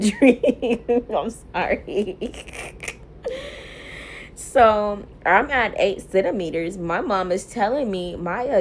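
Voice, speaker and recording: A young woman vlogger telling a personal story casually to camera, animated and laughing often, quoting herself loudly. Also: mid-range voice, slight background noise. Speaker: mom vlogger.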